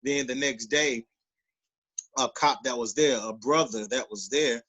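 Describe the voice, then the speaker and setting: A man tells a story on a casual podcast. He gets animated and loudly acts out the people he quotes. His voice sits in an ordinary middle pitch. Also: measured pace, slightly rough, rough recording. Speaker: podcast co-host.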